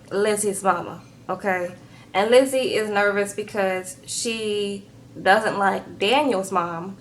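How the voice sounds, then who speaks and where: A woman's voice: medium pitch, a little hiss or hum, rough recording. Sassy chatty woman vlogger. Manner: sassy, chatty, tags lines with "okay?" and "girl". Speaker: YouTube reality-show recapper. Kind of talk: casual recap vlog.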